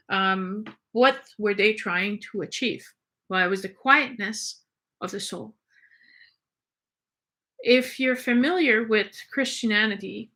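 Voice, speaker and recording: Bright-voiced woman teaching. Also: mid-range voice. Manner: thoughtful, with many fillers and self-corrections. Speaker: spiritual teacher. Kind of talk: informal spoken lecture.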